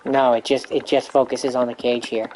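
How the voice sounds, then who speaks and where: A man's voice: medium pitch, little pitch movement, moderate pace, darkish tone, slight background noise, rough recording. A man playing a video game and chatting with a friend in an offhand, joking way. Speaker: game player. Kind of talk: casual gaming chat.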